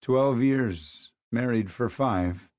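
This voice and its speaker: A man's voice: medium pitch, drawn-out words, darkish tone, no echo. Man playing a grumbling schoolteacher, irritable, muttering, dry close audiobook sound. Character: grumpy male teacher in a foul morning mood. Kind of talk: audiobook character voice.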